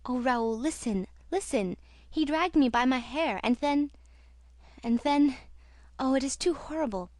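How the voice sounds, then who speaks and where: A woman's voice: high-pitched, animated, a little slow, darkish tone, no echo. A woman reading aloud and voicing a frightened young woman singer, with pleading, emotional delivery.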